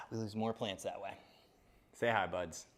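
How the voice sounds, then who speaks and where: A man's voice: fairly low pitch, steady tone, unhurried, a bit bright. A man from Florida chatting casually on a gardening live stream, joking and talking to his cat as he walks around.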